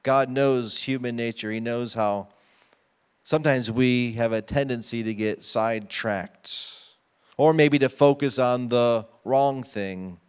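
A man's voice: medium pitch, slow, smooth. A pastor preaching a sermon to his congregation, emphatic and often asking them questions. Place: church sanctuary.

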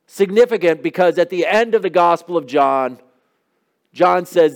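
A man's voice: high-pitched, normal speed, vocal fry. A man preaching a sermon, asking the congregation questions in an emphatic way. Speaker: pastor.

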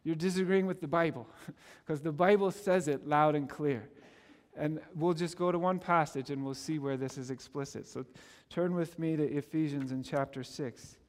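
Pastor, male, high voice, emphatic repetitive sermon delivery, reverberant sanctuary sound. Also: fairly even intonation, moderate pace. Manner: emphatic, repetitive preaching cadence.

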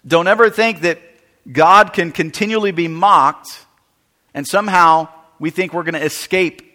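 A man preaching a sermon, emphatic, with sudden drops to quiet and rises to loud. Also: high-pitched, measured pace. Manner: emphatic preaching with wide swings in loudness. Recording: long reverb of a large hall.

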